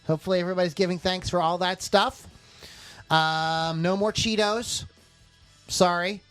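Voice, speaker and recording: A man with a fairly high voice hosts a podcast in loose, casual chat. He rambles, cracks jokes and laughs at his own slips, keeping things playful and unpolished. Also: steady tone, normal speed, a bit bright, smooth, faint music behind. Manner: rambling and jokey, often laughing at himself. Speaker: podcast host.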